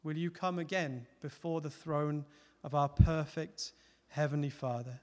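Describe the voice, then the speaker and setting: A man preaching a sermon, earnest, rising to loud emphatic peaks and dropping to soft, close appeals. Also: fairly high pitch, unhurried. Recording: long hall reverb.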